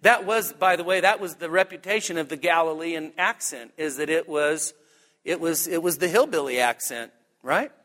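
A man preaching a sermon as pastor, animated and humorous, pushing his voice up to high emphatic peaks. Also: normal speed. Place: church sanctuary. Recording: long reverb of a church hall.

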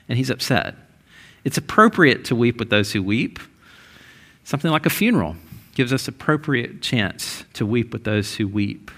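A man's voice: medium pitch, animated, normal speed, fairly bright tone. A male pastor giving a conversational sermon, with frequent restarts and rising, emphatic stretches.

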